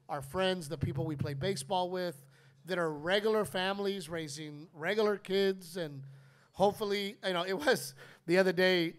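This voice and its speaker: A middle-aged man hosting a live podcast, telling stories in an animated, profane way. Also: high voice. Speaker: comedian podcast host. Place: live audience at a distillery.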